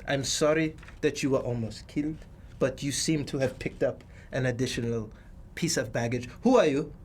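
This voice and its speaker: A man's voice: medium pitch, moderate pace, a little mellow, slight background noise. Formal, aloof man in character. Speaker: player. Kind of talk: in-character tabletop role-play.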